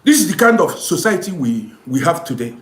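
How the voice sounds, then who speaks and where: A man's voice: a little high, very animated, a little fast, reverberant. A man giving a preachy, scolding moral monologue to camera as a social commentator.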